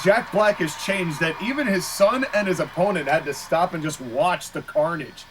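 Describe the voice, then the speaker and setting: A man calling a match play-by-play in casual style, excitable, laughing easily and exclaiming at big moves. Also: a little high, moderate pace, background noise. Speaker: play-by-play commentator.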